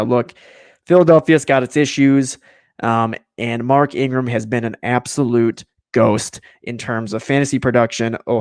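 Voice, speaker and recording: A man's voice: medium pitch, no echo, studio quality. A man co-hosting a casual fantasy football show, playful and emphatic, and he sometimes talks straight to the players. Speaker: podcast co-host. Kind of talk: casual sports talk.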